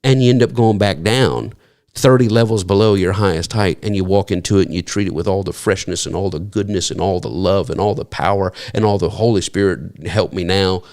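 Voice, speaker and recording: A middle-aged man, a pastor, preaching a sermon in an emphatic, halting way, repeating words and restarting, asking his listeners rhetorical questions and acting out the voices of imagined people. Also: deep voice, darkish tone.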